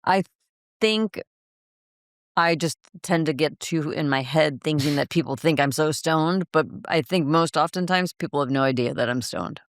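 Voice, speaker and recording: Gravelly-voiced woman, playful podcast co-host. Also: low voice, normal speed, no room sound, studio quality. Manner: playful, giggly, teasing. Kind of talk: casual chat with partner.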